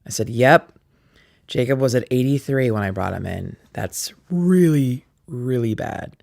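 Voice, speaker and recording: A woman's voice: rumbling low, lively intonation, gravelly, darkish tone, no echo, studio quality. Woman in her forties retelling intensely. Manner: intense, halting retelling that acts out quoted dialogue. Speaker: interviewee. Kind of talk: personal storytelling.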